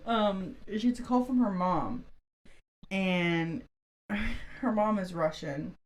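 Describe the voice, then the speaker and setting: A woman co-hosting a podcast in casual chat, telling animated, profane stories full of "like". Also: medium pitch, takes it slowly, slight background noise. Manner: animated, profane storytelling with lots of "like". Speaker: podcast co-host.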